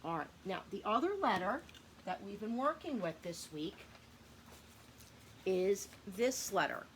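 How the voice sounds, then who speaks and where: A woman's voice: medium pitch, very animated, unhurried, slight background noise. Patient woman teaching young kids phonics. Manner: patient, sounds out words for young children; asks questions and answers them herself. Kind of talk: children's phonics lesson.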